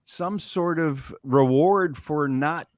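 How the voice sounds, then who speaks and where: A middle-aged man chatting as a guest, talking about his daughter in a measured, reflective way. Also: a little high, no room sound, clean studio sound. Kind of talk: casual chat.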